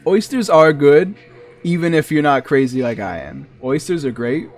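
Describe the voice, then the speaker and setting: A man streaming a game keeps up a rambling, casual chat in his Massachusetts accent, laughing between side comments. He speaks at a moderate pace in a slightly high voice with lively intonation, and soft music plays in the background.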